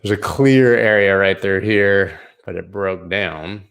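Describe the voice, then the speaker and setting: A man's voice: low voice, takes it slowly, fairly bright tone. A man hosting a live crypto stream, talking casually and loosely over price charts with slang and asides. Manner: loose, rambling, slangy, hums and sings snippets. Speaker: crypto show host.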